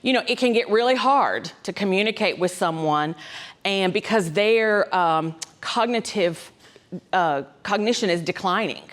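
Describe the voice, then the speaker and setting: A woman's voice: medium pitch, a little slow, a bit bright. A woman, a dementia specialist giving a folksy, conversational talk to caregivers, often checking in with "right?". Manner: conversational, folksy, frequent ums and asides, keeps checking in with "right?".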